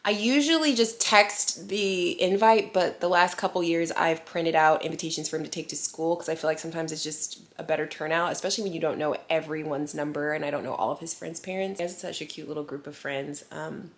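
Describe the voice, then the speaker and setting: A woman's voice: low voice, steady tone, a little fast, hardly any pauses. A woman in her thirties, a mom vlogger chatting casually to camera in a rambling, giggly way full of fillers.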